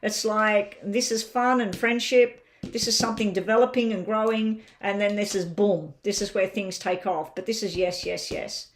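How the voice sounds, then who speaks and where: Australian woman, mid-pitched, casual live tarot reader talking through her cards. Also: fairly even intonation, moderate pace, few pauses. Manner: chatty, thinks aloud over the cards. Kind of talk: live-stream tarot reading.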